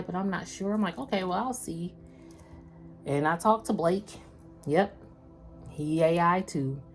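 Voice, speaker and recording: Chatting loosely with her viewers in slang, a woman gives a casual spiritual tarot reading. Her voice is on the low side and a little mellow.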